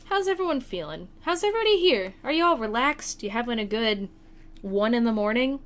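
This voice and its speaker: A woman's voice: on the high side, lively intonation, a little fast, fairly bright tone, slight background noise. A young woman streaming a video game late at night, chatting casually with a playful, self-deprecating manner.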